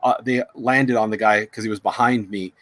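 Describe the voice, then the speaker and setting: A man hosting a casual chat, telling a story in a rambling, halting way with many restarts. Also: lowish voice, fairly even intonation, a bit bright, no echo. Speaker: psychic reader, show host.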